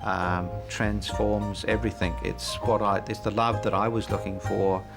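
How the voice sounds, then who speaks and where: A man's voice: fairly low pitch, flat delivery, measured pace, music in the background. A middle-aged man telling his life story in an interview, reflective and hesitant, with many fillers and frequent chuckles. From New Zealand. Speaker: interview guest.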